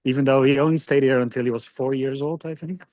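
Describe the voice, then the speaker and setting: A man's voice: mid-range voice, steady tone, fast talker, darkish tone, no room sound. A man chatting casually on a group video call, friendly and full of fillers. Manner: friendly, laughing, filler-heavy. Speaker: call participant.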